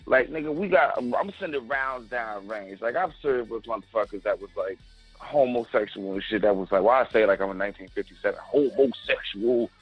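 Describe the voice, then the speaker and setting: A man's voice: lowish voice, brisk, breathy edge, dry recording. A man who served as a Marine, talking in casual, profane, joking chat as a podcast co-host. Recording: muffled lo-fi podcast audio, faint music.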